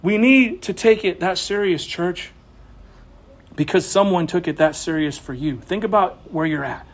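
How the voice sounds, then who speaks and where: High-voiced animated man preaching. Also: normal speed. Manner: animated preaching with bursts of raised voice. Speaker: pastor. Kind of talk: sermon.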